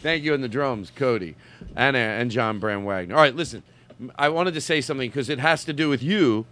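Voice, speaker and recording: A man hosting a comedy podcast, talking in an excitable, rambling way with many restarts. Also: medium pitch, brisk. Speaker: podcast host. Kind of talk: casual comedy podcast chat.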